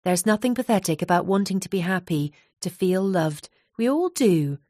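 A woman voicing a caring female friend who reassures gently in an audiobook. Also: fairly low pitch, lively intonation, moderate pace, dry recording, studio quality. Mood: comforting.

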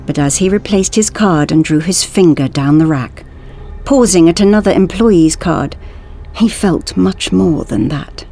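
A woman reading a science-fiction story aloud in a measured, expressive way. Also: fairly low pitch. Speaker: audiobook reader. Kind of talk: scripted narration.

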